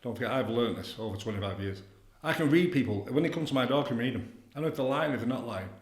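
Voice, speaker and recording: A man's voice: medium pitch, expressive, fast talker. A man, an addiction counsellor, talking bluntly and boastfully in a podcast chat, swearing freely. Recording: echoey room.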